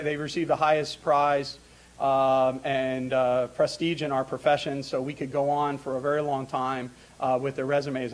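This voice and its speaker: A middle-aged man introducing a panel in a lecture hall, talking informally with many fillers, restarts and asides. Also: medium pitch. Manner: informal asides with light laughter.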